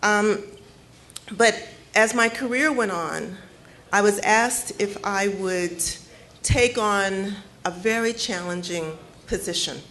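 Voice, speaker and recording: A middle-aged woman from Detroit giving a personal storytelling speech at her book launch, measured and earnest with slow, emphatic phrases. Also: mid-range voice, a bit bright. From Detroit, United States. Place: cafe event space with audience.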